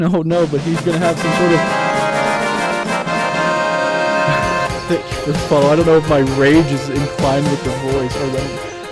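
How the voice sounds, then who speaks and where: Man streaming a game playthrough. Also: mid-range voice. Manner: reads game dialogue aloud, then rants with exasperated laughter. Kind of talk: live game playthrough reaction.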